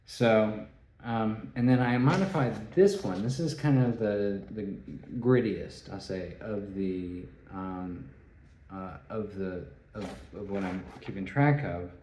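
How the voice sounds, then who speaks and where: A man giving a rambling solo talk, halting and restarting his phrases. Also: fairly low pitch, warm tone, a little hiss or hum. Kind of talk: rambling spoken monologue. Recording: echoey room.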